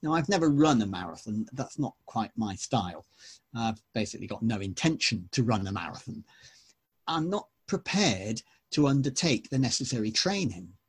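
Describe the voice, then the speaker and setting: A man's voice: mid-range voice, big pitch swings, moderate pace, husky. A man reading scripture and preaching in a conversational way, with hesitant fillers. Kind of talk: Bible reading and sermon.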